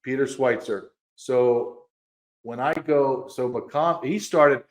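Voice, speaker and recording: Excitable man co-hosting a podcast. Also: mid-range voice. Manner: animated, quick to get excited, reads quotes aloud. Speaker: podcast co-host. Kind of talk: casual podcast chat.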